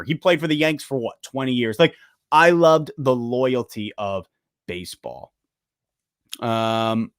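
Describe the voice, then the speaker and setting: A young man hosting a live sports stream, chatting casually and excitably while answering viewer questions. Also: a little high, no echo, studio quality. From United States. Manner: casual, excitable, talks to chat directly. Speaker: sports channel host.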